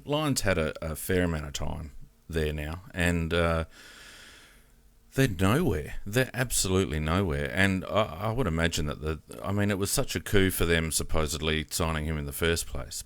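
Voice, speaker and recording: Deep-voiced Australian man hosting a footy podcast. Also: lively intonation, moderate pace, fairly bright tone, dry recording. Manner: opinionated, hesitant with many fillers. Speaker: podcast host. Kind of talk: casual sports chat.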